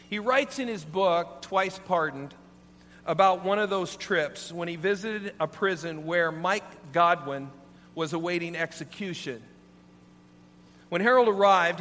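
Earnest male preacher in a reverberant hall. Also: high-pitched. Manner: earnest, animated. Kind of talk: sermon storytelling. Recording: long hall reverb, faint hum.

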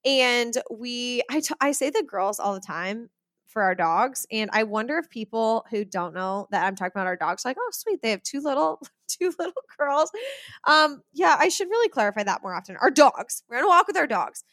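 Chatty high-voiced woman podcaster. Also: a little fast, no room sound, studio quality. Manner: chatty, animated, lots of "okay?" and "right?". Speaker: podcast host. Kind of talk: solo podcast monologue on money mindset.

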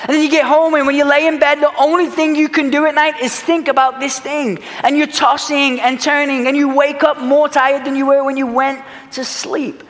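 Pastor, male, high voice, earnest sermon delivery, long church-hall reverb. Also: little pitch movement, normal speed, hardly any pauses. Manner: earnest preaching, big swings from loud urgency to hushed. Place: church sanctuary.

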